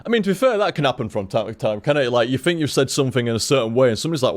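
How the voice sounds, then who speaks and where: A man's voice: medium pitch, lively intonation, very fast, hardly any pauses. A man chatting casually on a game stream, rambling and swearing, tripping over his words.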